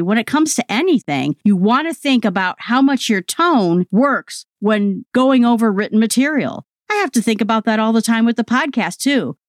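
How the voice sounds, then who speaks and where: Lively, expressive woman podcaster. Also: on the high side, dry recording, clean studio sound. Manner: conversational, expressive, with lively emphasis. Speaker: podcast host. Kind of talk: solo podcast talk.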